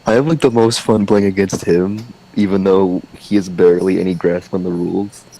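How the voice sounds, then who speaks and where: A male student calling in to a hobby stream, telling stories in a rambling, halting way with plenty of fillers and restarts. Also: deep voice, steady tone, gravelly, mellow, rough recording. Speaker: caller. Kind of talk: casual call-in storytelling.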